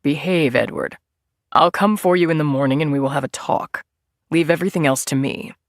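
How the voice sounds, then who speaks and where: A man's voice: a little high, a little fast, dry recording, studio quality, lightly acted. A woman voicing a stern male asylum doctor who gives clipped, authoritative orders.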